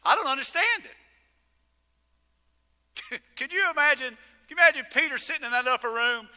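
A man preaching a sermon as pastor, animated and exclaiming, joking with his congregation. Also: very high-pitched, brisk, long pauses. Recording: long reverb of a large hall.

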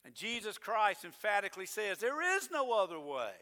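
A middle-aged male pastor preaching with a high, bright, forceful voice. He punches out declarations, then sinks to low, hushed asides. His words carry a long reverb through a church sanctuary. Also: very animated, normal speed. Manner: emphatic preaching, rising to loud declarations then dropping low. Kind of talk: sermon.

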